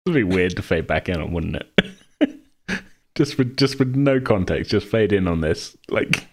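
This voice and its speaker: A man's voice: low-pitched, lively intonation, unhurried, husky. A man running a tabletop game, introducing the players in a hesitant, joking way. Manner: hesitant, lots of fillers and restarts. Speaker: game master. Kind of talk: casual tabletop game chat.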